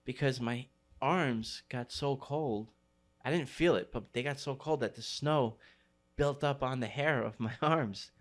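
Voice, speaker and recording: A man's voice: medium pitch, measured pace. A middle-aged man from New City, telling his story in an interview with street slang and many fillers. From New York City. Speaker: graffiti writer.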